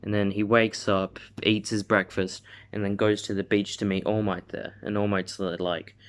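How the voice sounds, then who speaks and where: A man's voice: fairly low pitch, level tone, normal speed. A man casually retelling a fan story, rambling with fillers and correcting himself as he goes.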